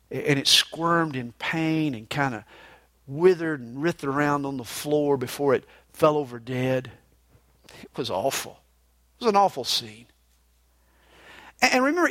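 A male pastor preaching a verse-by-verse sermon, earnest and expressive, moving between emphatic rises and hushed lows, with a conversational "you know" style. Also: no room sound. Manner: conversational, with frequent "you know" fillers and restarts.

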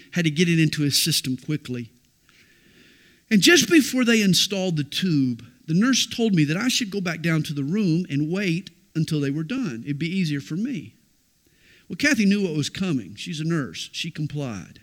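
Man preaching, big swings loud to hushed. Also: a little high. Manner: dramatic swings from loud declaration to hushed intimacy. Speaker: pastor. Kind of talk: sermon.

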